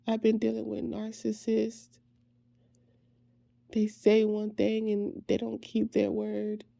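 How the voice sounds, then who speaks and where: Slow, gravelly-voiced woman confiding. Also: medium pitch, completely flat delivery, no room sound. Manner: halting, heartfelt, with soft trailing phrases. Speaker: faith ministry creator. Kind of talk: personal emotional monologue.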